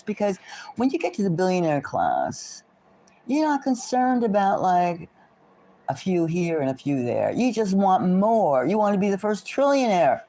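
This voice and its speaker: Indignant, animated woman ranting to camera. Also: medium pitch. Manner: indignant, emphatic, full of rhetorical questions; rambling with frequent restarts and asides. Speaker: tarot channel host. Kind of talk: rambling political commentary to camera.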